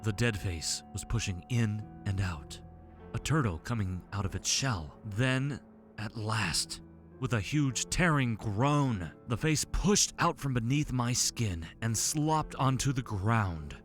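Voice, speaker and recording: Horror narrator, male, low register, tense and dramatic, soft music underneath. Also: lively intonation, slow pace.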